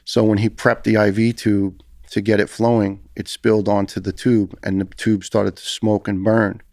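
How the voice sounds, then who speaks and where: This former firefighter, a middle-aged New Yorker appearing as a podcast guest, speaks in a lowish, creaky, somewhat dark voice that barely shifts in pitch. He keeps a moderate pace, storytelling intensely and earnestly while often restarting sentences. The sound is clean and dry, as in a studio.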